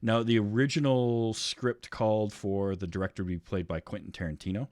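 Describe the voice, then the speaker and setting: A man with a low voice talks through a movie on his podcast, rambling and filling pauses with ums. He now and then acts out lines from scenes. The sound is dry and close. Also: steady tone, darkish tone, dry recording. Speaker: podcast host. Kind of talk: casual movie chat.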